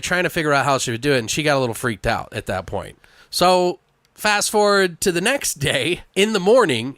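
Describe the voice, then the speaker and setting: A man's voice: mid-range voice, fairly bright tone, dry recording. A man hosting a podcast, telling a long story in casual chat, rambling and swearing freely. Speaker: podcast host.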